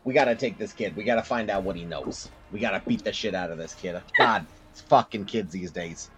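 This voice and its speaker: A man's voice: on the low side, brisk, a bit bright, soft background music. A man playing a tabletop game in character, brash, profane and mock-outraged. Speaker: player.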